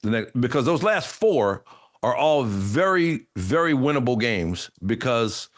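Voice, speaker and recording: Animated man debating football. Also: mid-range voice, a little slow. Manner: animated, thinks aloud with restarts. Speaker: sports talk show co-host. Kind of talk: casual sports debate.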